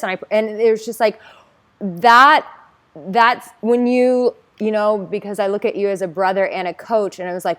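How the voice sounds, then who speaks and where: A young adult woman hosting a casual, heartfelt conversation, talking in a gushing, emphatic way with bursts of loud excitement. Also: medium pitch, normal speed. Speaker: host.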